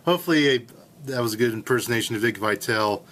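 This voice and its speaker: A man's voice: mid-range voice, lively intonation, fast, a bit bright. A man in his late twenties hosting a college radio show from the studio, joking around in a goofy, hammy way. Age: late 20s. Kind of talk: casual comedic radio hosting.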